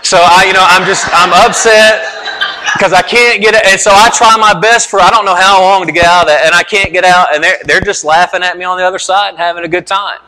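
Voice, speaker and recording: Bright-voiced man preaching in a hall. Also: high voice, fairly even intonation, a little fast. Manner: earnest storytelling preacher, repeats phrases for emphasis. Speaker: pastor. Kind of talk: sermon.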